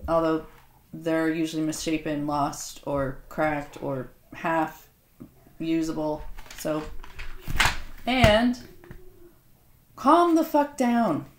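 A woman's voice: low-pitched, slow, pauses often. A woman unboxing a gift box at home, chatting casually with sarcastic, self-mocking banter. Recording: roomy echo, faint noise.

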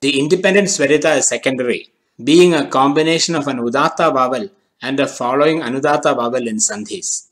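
Guy reading out a language lesson, calm and deliberate, slows down on the key words. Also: medium pitch, poor audio. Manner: measured, deliberate delivery, slowing on key terms. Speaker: language teacher. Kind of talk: scripted narration of a lesson.

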